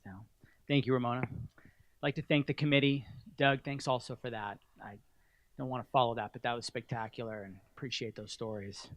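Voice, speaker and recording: A man's voice: medium pitch, steady tone, brisk, no room sound. A middle-aged man giving an award acceptance speech at a podium, telling wry, self-deprecating stories.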